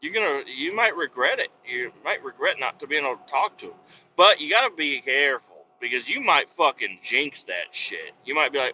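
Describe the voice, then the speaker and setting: A man's voice: medium pitch, big pitch swings, fairly quick, bright, forceful tone, lo-fi sound, a little hiss or hum. A man in his thirties hosting a podcast, rambling in a jokey, profane monologue. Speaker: podcast host.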